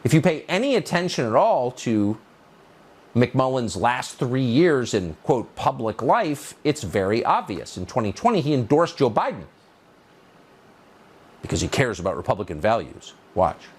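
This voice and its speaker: A man's voice: medium pitch, very animated, normal speed, breathy edge. A male commentator delivering a scripted monologue in a sarcastic, mocking, emphatic manner. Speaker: political commentator.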